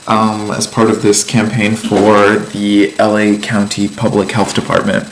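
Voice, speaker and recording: A man's voice: fairly low pitch, monotone, measured pace, slight background noise, low-quality recording. A man giving a casual vlog life update, telling a story in a chatty, meandering way with lots of ums and likes. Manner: amused storytelling. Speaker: vlogger.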